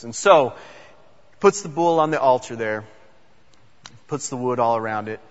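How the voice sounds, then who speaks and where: A man's voice: medium pitch, a little slow. Man retelling a Bible story in a hall. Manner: conversational, repeats words, uses fillers. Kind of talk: casual Bible storytelling sermon. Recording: dull sound with long hall reverb.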